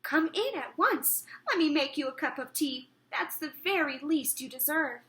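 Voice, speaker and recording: A woman voicing an excited older woman who talks in a shrill, gushing way. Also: moderate pace. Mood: delighted.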